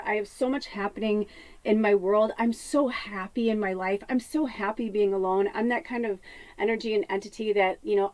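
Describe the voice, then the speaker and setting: A woman working as a psychic medium talks in a loose, rambling monologue, breaking into laughter and casual swearing. Her voice sits fairly high, and the sound is close and dry, with little room around it. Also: no room sound.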